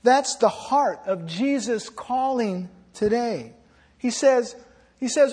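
A man preaching in an earnest, pleading way, drawing out his key phrases. His voice sits high for a man. The sound rings with the long reverb of a church sanctuary. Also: animated, a little mellow, husky. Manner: earnest, pleading, slows for emphasis. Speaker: pastor. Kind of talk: sermon.

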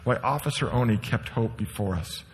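A middle-aged man preaching a sermon, telling a story with passion and dropping to a hush for quiet moments. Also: mid-range voice, moderate pace, a little hiss or hum. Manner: storytelling, impassioned, shifts between hushed and raised. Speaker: pastor. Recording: long hall reverb.

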